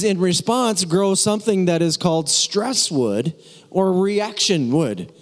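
A man's voice: a little high, very animated, unhurried. A man preaching a sermon in a casual, teasing way, repeating key words for emphasis. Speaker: pastor. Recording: long hall reverb.

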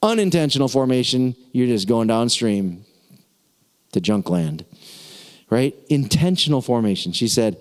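A man preaching a sermon as pastor, lively and repetitive, drawing out words for emphasis. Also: mid-range voice, moderate pace. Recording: long hall reverb.

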